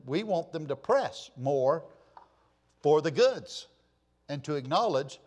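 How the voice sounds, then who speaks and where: A man's voice: on the high side, darkish tone. An older man preaching a sermon, moving from easy storytelling to impassioned, emphatic exhortation. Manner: building from conversational to impassioned crying out. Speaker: pastor.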